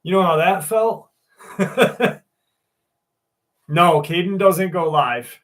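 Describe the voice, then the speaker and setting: Guy hosting a live stream, kinda high voice, jokey and swears a lot, shouts out chatters by name. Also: very slow. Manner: loose and joking, swears, greets viewers by name. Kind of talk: casual live-stream chat and reading a story aloud.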